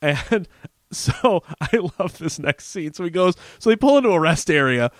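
A man co-hosting a podcast, recapping a TV episode in casual chat, animated and laughing often as he acts out lines. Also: a little high, normal speed, dry recording, clean studio sound. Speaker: podcast co-host.

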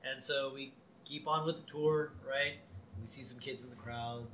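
A man co-hosting a podcast, casually recapping a cartoon episode and quoting its lines with quick laughs. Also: mid-range voice, fairly even intonation, sharp tone, a little hiss or hum. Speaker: podcast co-host. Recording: roomy echo.

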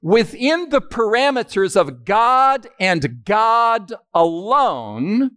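A man preaching a sermon to an audience in a hall, with a fairly high voice that swings widely up and down. He talks in an unhurried way and keeps asking his listeners questions as he teaches. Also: big pitch swings, a bit bright.

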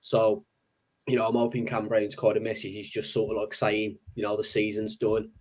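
A man's voice: lowish voice, monotone, moderate pace, darkish tone. A man co-hosting a sports podcast, giving firm opinions with plenty of you knows. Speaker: podcast co-host. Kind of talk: casual sports chat.

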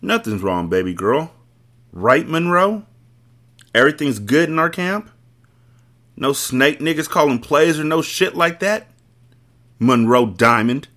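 A man's voice: low voice, very animated, normal speed, hardly any pauses. A man reading a novel aloud, voicing a suspicious, confrontational husband in a clipped, accusatory way.

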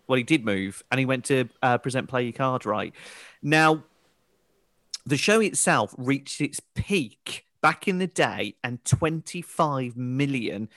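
A man co-hosting a casual podcast, telling stories with animated bursts of impressions. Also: mid-range voice, unhurried, dry recording. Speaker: podcast co-host. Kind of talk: casual chat.

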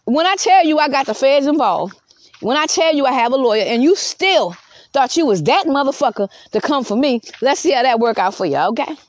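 Woman in her fifties, high voice, defiant profane voice-message rant, dry close sound. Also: animated, a little fast, dry recording. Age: 50s. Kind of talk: ranting voice message.

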